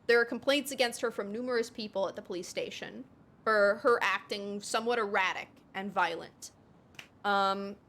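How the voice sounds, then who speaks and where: A woman streaming a game, chatting casually and excitably with frequent swearing. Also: on the high side. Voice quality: excitable and profane.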